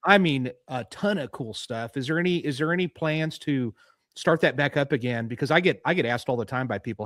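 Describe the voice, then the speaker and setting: A man's voice: mid-range voice, fairly quick, a bit bright, no echo, studio quality. A man hosting a podcast interview, asking long, rambling questions in a casual way and giving frequent short affirmations. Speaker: podcast host, police detective.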